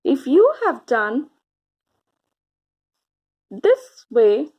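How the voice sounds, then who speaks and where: A woman teaching grammar to children, speaking slowly and encouragingly, stretching out key words and pausing for answers. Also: sits high, sing-song, husky, highs cut off. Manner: slow, encouraging, drawn-out words with pauses for answers.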